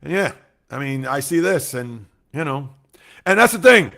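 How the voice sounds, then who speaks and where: Animated sports streamer, gravelly voice. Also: male voice, fairly high pitch, moderate pace. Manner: animated, swings from loud outbursts to quiet asides; talks straight to chat, reads out viewer comments. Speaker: sports livestream host. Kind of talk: casual livestream chat with viewers.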